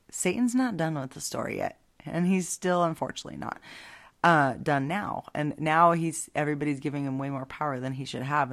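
Low-pitched woman hosting a casual faith podcast, chatty and rambling with asides. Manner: chatty, digressive, frequent asides. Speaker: podcast host. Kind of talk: casual Bible storytelling podcast.

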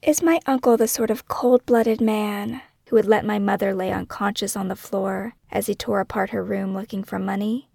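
A woman narrating her own true-crime memoir podcast as host, in a measured, brooding way that weighs one question after another. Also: medium pitch, steady tone, vocal fry, dark tone, no echo, studio quality.

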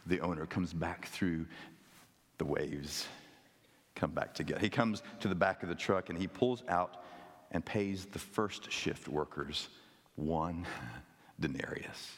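A man's voice: fairly low pitch, expressive, moderate pace. Male pastor, sermon, storytelling with wry humor, long hall reverb. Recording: echoey hall.

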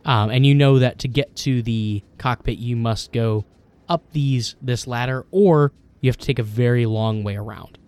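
Male game master, mid-pitched voice, descriptive narration, hesitant fillers. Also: normal speed, few pauses, darkish tone, clean tone.

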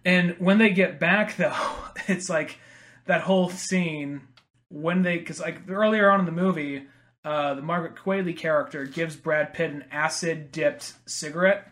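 A man's voice: on the high side, a little slow, fairly bright tone. A man co-hosting a casual movie talk, rambling and acting out quotes with casual swearing.

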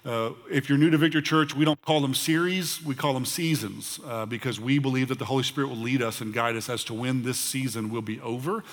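A man's voice: medium pitch, fairly even intonation, fairly quick, hardly any pauses. A middle-aged man, a pastor, giving church announcements in a conversational manner, often restarting and filling his sentences. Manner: conversational, with frequent fillers and restarts. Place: large church auditorium. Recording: long hall reverb of a church auditorium.

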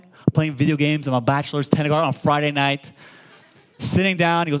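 A man in his forties preaching a sermon, animated and full of call-and-response, often stammering and repeating words when excited. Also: fairly high pitch, brisk, smooth. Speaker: pastor.

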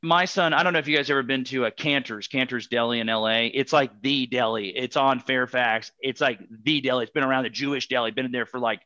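A man's voice: mid-range voice, fairly even intonation, fast talker, few pauses, sharp tone, dry recording, lo-fi sound. A man chatting as a podcast guest, telling rambling stories full of fillers and asides. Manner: rambling, filler-heavy storytelling. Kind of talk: casual podcast chat.

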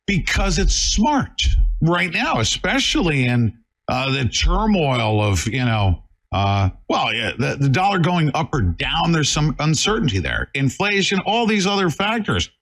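A man hosting a talk show, ranting in a fiery, combative way, swinging between loud outbursts and muttering. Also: on the high side, sing-song, a little slow. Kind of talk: bombastic talk radio rant.

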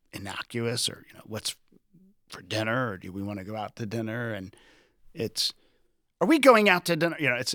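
A man's voice: fairly low pitch, a bit bright, no echo, clean studio sound. A man hosting a casual group discussion, thinking aloud and acting out quoted lines in different tones. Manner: reflective, acts out quoted lines with shifting tone. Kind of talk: conversational discussion.

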